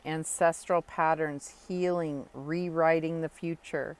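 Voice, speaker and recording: A woman giving a spoken tarot reading, talking earnestly and reassuringly straight to the listener, with pauses and fillers as she thinks. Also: sits low, steady tone, darkish tone, slight background noise. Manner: thoughtful with frequent pauses and fillers. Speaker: tarot reader.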